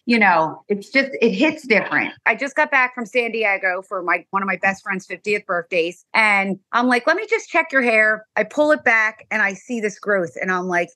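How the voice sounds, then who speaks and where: A middle-aged woman, a guest mother, telling an emotional personal story with animated storytelling and acted-out dialogue. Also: medium pitch.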